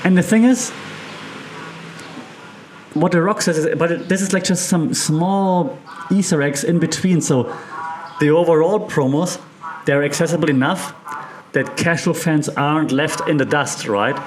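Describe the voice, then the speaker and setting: A man who is a media professor, giving excited, animated commentary, laughing often as he talks and coughing now and then. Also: a little high, unhurried, pauses often, slight background noise. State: occasional cough. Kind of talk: enthusiastic commentary.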